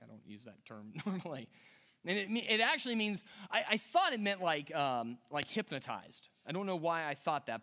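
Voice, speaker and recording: Animated high-voiced male preacher. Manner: animated, jokey, puts on voices for characters. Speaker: pastor. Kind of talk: sermon.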